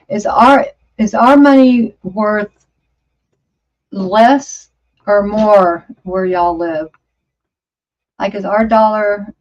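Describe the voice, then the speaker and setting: A woman over fifty hosting a casual livestream, chatting in a rambling, exclaiming way as she reads viewer comments. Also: fairly low pitch. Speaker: livestream host. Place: home studio. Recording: dull lo-fi stream audio.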